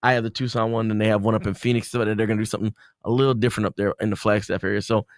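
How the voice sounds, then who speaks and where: Fast-talking laid-back male DJ. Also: fairly low pitch, level tone, no echo, clean studio sound. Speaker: guest DJ. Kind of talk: casual chat. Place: radio studio.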